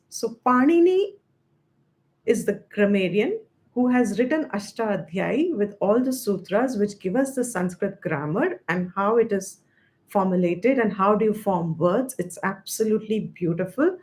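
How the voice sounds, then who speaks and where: Woman teaching a spiritual text. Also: on the high side. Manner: explanatory storytelling, mixes Sanskrit and Hindi terms. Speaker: Vedanta teacher. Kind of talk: spiritual study lesson.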